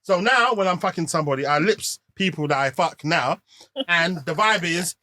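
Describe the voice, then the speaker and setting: Podcast host in his thirties, high, bright and dry close-miked voice, frank and slangy. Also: normal speed, dry recording. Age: 30s. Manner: frank, slangy, laughs easily. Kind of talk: candid casual chat.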